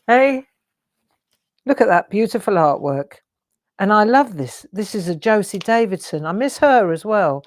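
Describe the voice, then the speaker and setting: A woman's voice: medium pitch, expressive, slow, pauses often, no echo. A woman in her sixties hosting a craft show, chatty and effusive, gushing over viewers' artwork with storytelling asides. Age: 60s.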